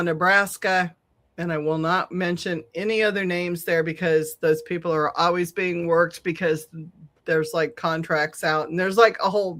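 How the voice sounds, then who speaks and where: A middle-aged woman telling a long, animated story on a podcast, swearing freely and laughing often. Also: lowish voice. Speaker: podcast co-host. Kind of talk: casual storytelling chat.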